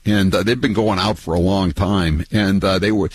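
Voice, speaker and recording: A man's voice: deep voice, steady tone, normal speed, breathy edge, low-quality recording. A man hosting a call-in radio show, telling rambling, mocking stories between callers. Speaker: talk radio host. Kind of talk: casual call-in radio chat.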